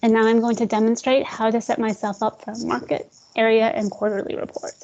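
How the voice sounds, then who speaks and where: A woman walks agents through a software demo in a loose, friendly way, calling them "guys" and cracking small jokes when the screen is slow. Her voice sits a bit high. The sound is dull and lo-fi, like audio from a web call. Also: flat delivery. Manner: chatty, addresses audience as guys, jokes about glitches. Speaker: real estate software trainer. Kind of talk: screen-share software tutorial.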